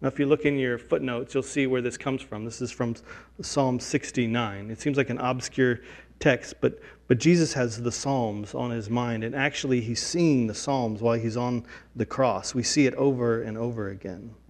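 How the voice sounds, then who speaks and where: A man preaching a sermon, earnest, dropping low and soft and then rising loud in acted lines. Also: fairly even intonation, moderate pace. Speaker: pastor.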